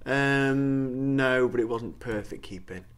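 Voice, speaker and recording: A man's voice: medium pitch, slow pace, a crowd in the background. A man co-hosting a casual football podcast, conversational and agreeable, often ending with tag questions. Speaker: podcast co-host.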